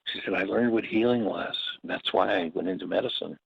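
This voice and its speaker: Man, very deep voice, gravelly, husky, storytelling teacher, dull lo-fi recording. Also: fairly quick, no room sound. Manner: storytelling, with short acted quotes. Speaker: workshop teacher. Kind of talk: reflective spoken teaching.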